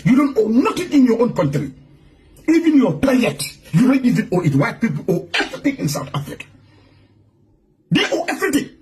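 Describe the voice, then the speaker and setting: Furious high-pitched man ranting. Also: very animated, a little fast, a little mellow, slight background noise. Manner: heated, profane and repetitive. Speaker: online commentator. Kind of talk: angry rant to camera.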